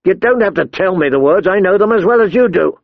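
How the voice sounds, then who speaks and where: A man's voice: high-pitched, animated, a little slow, gravelly, breathy edge, dry recording, lo-fi sound, pitched above the performer's own voice, exaggerated voice. A man voicing a stubborn young male recruit, proud of his oath, who speaks firmly and insistently. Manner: firm, insistent.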